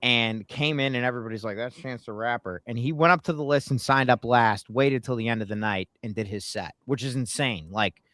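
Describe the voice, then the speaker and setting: A man chatting casually as a guest, telling animated stories and acting out quotes, swearing when he gets worked up. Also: medium pitch, fairly quick, hardly any pauses, no echo, studio quality. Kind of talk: casual chat, storytelling.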